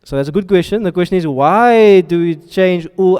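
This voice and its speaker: Guy teaching a class, smooth clear voice, kinda high, lots of "you with me?" style check-ins, echoey hall. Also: normal speed, hardly any pauses, a little mellow. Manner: keeps checking in with students, asks questions. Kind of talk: classroom grammar lesson. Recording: reverberant hall sound.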